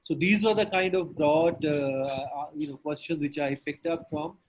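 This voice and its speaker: Male moderator, somewhat high voice, hesitant, lots of fillers, video call. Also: steady tone, normal speed, low-quality recording. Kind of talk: moderating a panel discussion. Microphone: remote video call.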